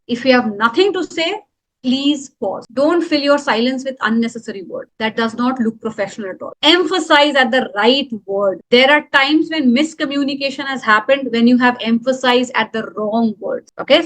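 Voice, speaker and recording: A woman giving an instructional talk on public speaking, emphatic and speaking straight to the viewer. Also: sits high. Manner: emphatic, demonstrates tone shifts, addresses viewers directly.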